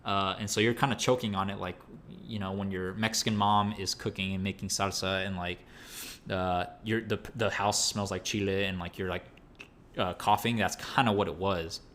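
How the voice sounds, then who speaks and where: A man's voice: sits low, fairly even intonation, moderate pace, a bit bright, a little hiss or hum. A man hosting a show, telling a story in casual slang and acting out his own reactions. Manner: slangy, many fillers like "like" and "bro". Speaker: podcast host.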